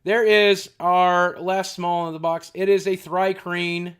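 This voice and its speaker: A man's voice: high voice, little pitch movement, takes it slowly, a bit bright, clear, resonant tone. Crude jokey guy streaming, swearing a lot while opening packs. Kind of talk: casual live-stream chat while unboxing.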